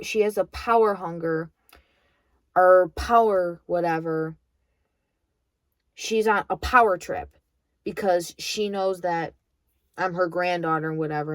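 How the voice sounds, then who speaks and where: A woman's voice: on the low side, dry recording. A young woman in college venting bluntly about her grandmother, swearing freely in a bitter monologue. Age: young adult. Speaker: vlogger.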